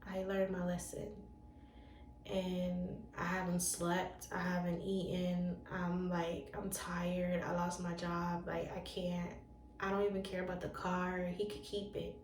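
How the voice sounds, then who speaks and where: A woman recounts a painful memory in a slow, deliberate storytime voice. She halts and repeats key phrases. The sound is roomy, set back from the mic, with faint background hiss. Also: on the low side, monotone, distant mic. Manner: halting, repeats phrases for emphasis. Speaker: relationship wellness coach. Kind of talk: emotional storytime confession.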